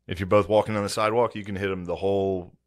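A man in his thirties co-hosts a podcast in a relaxed, deadpan drawl. His voice sits low and sounds dry and close to the mic. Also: fast talker, no echo. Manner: laid-back, deadpan riffing. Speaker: podcast co-host. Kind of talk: casual chat.

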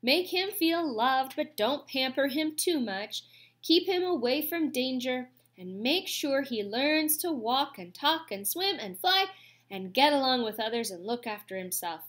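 A bossy old goose squawks out blunt advice in a brisk, scolding tone, as a woman plays her. Her voice jumps up high and swings about in lively leaps.

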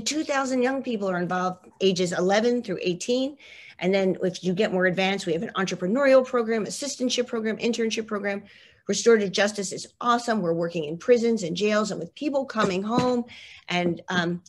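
A woman leading a mural arts program, giving an enthusiastic slide presentation full of "like" and emphatic asides. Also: medium pitch. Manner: effusive, lots of "like", emphatic. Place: online talk.

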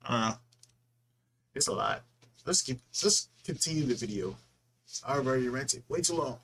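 A young man from California rambling through a casual reaction commentary. His voice sits at an ordinary mid pitch, and his talk is loose and slangy, full of swearing and restarts. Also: expressive, normal speed, vocal fry, a bit bright, a little hiss or hum. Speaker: reaction video host.

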